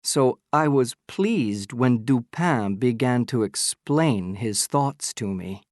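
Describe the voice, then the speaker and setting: Slow, lively-voiced male audiobook narrator. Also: mid-range voice, dry recording, clean studio sound. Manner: measured, storytelling first-person telling.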